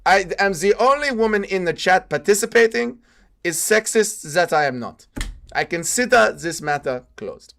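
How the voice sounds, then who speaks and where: Dude faking a stern russian-accent lady, clipped and formal, pitched up. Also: expressive, moderate pace, gravelly, a bit bright, heavily acted. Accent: put-on Russian. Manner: formal, clipped, final-sounding.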